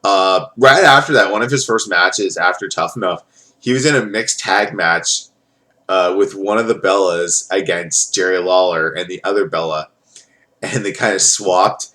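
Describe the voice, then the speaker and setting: Man, lowish voice, casual vlog review, rambling, profane, filler-heavy. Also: moderate pace, pushed and bright. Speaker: wrestling show reviewer.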